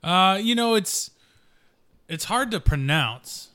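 Playful male player, lively voice. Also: high-pitched, slow pace. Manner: playful, evasive in character. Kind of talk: playing a tabletop game.

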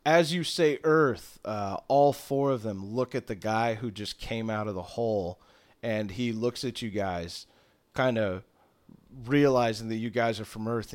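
A man's voice: lowish voice, a little slow. A man running a tabletop game as game master, narrating in a loose, rambling way.

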